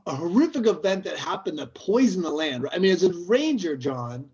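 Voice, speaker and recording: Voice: medium pitch, big pitch swings, a little fast, darkish tone, breathy edge. A tabletop game player voicing a ranger in formal, earnest speech. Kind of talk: in-character tabletop role-play. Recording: dull lo-fi sound.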